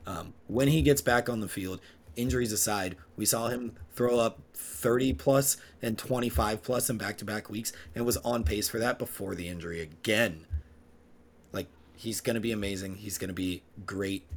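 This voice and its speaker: A man co-hosting a podcast, giving emphatic, opinionated takes in casual chat. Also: lowish voice. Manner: emphatic, opinionated, jumps between fast and drawn-out phrasing. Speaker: podcast co-host.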